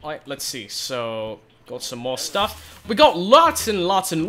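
High excitable young man playing a game. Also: unhurried, soft background music. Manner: excitable, shouts and exclaims often. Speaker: gaming video host.

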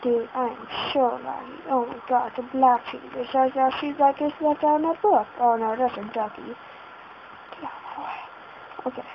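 A woman's voice: high-pitched, steady tone, normal speed, few pauses, noisy background. Flustered woman gamer, dull lo-fi audio. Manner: flustered, keeps exclaiming in panic. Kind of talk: casual let's-play commentary. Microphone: laptop setup. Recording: dull lo-fi home recording.

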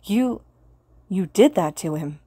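A woman's voice: medium pitch, expressive, slow pace, mellow, husky, no room sound, clean studio sound. A woman reading the lines of a teenage boy hero student, pleading and choked with emotion, in an audiobook fan reading. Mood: furious.

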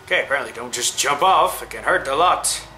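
A man talking through his gameplay in an excitable, rambling way, his pitch leaping up and down as he chats. His voice is very bright and sharp, and he slips into cooing at creatures on screen. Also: fairly quick, a little hiss or hum, rough recording. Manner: chatty, excitable, coos at game creatures. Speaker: gamer. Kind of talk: let's play commentary.

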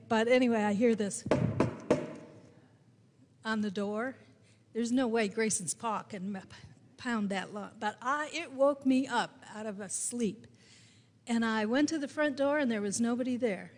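A woman pastor preaching a sermon, telling a personal story in a slow, gentle way with emphatic rises. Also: a little high. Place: church sanctuary. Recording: reverberant church sanctuary.

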